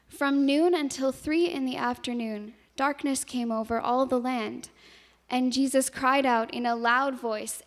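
A woman slowly reading scripture in a measured way, her voice softening on the quoted words. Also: high voice, fairly even intonation. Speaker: scripture reader. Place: church. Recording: long hall reverb.

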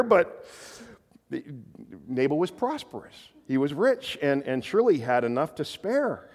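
Conversational preacher in a reverberant hall. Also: male voice, on the high side, big pitch swings, measured pace, a little mellow. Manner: conversational, stumbling repetitions, chuckling asides. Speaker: pastor. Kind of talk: sermon.

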